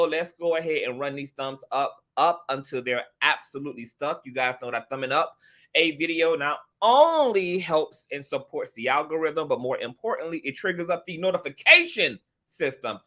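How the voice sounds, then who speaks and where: A man's voice: a little high, bright, forceful tone. A man hosting an online commentary show in a casual, flamboyant, sassy way, calling his viewers girl and honey. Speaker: commentary channel host. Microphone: home studio mic.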